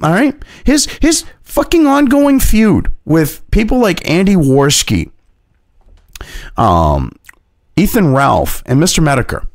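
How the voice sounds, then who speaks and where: A man's voice: a little high, big pitch swings, takes it slowly, vocal fry, no echo, studio quality. A man ranting as an online commentator, heated and mocking, swearing constantly. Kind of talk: profane opinion rant.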